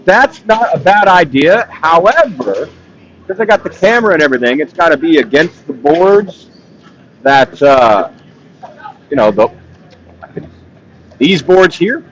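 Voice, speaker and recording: This ball hockey play-by-play commentator has a somewhat high, fairly bright voice, captured on a rough recording with a little hiss or hum. Calling the game live from beside the rink, he talks freely, jokes at his own expense, and laughs often.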